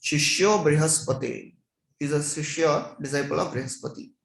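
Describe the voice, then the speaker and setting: A man leads a devotional scripture class, chanting a verse and then explaining it line by line. His voice sits a little high for a man. The sound is roomy and echoey, as in a temple hall. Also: normal speed, gravelly. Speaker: speaker giving a scripture class.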